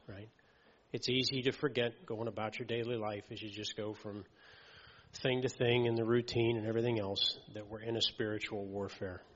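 A man's voice: lowish voice, fairly even intonation, fairly quick, fairly bright tone. A man preaching a sermon in an easygoing, conversational way, often checking in with "okay" and "right". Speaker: lay preacher. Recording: muffled audio with long hall reverb.

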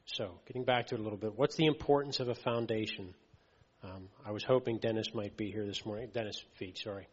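A man's voice: fairly low pitch, quick pace, darkish tone, husky. A man preaching a sermon in an easygoing, conversational way, often checking in with "okay" and "right". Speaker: lay preacher. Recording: muffled audio with long hall reverb.

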